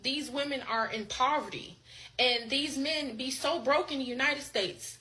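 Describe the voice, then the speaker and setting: A woman's voice: high voice, a little slow, sharp tone, a little hiss or hum, poor audio. A woman delivering a mocking, opinionated monologue in a clip. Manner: mocking, laughs between points. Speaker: commentator in a played clip.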